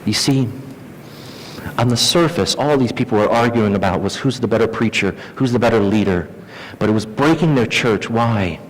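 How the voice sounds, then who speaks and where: A man's voice: fairly low pitch, moderate pace, slight background noise. Man, pastor, preaching a sermon, acts out quoted voices, long church-hall reverb.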